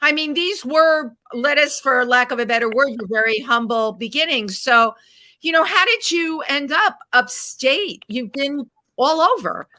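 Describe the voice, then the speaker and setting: A middle-aged woman co-hosting a casual talk show. Her high, bright voice gushes with excitement, and she laughs easily between questions. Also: unhurried. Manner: gushing, laughs a lot. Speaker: co-host. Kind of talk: casual interview chat.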